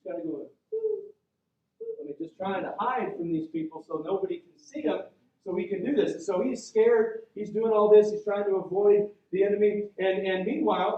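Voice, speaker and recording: Male pastor, chatty sermon, high voice, very echoey sanctuary, distant and dull sound. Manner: conversational, chatty preaching with asides. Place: church sanctuary.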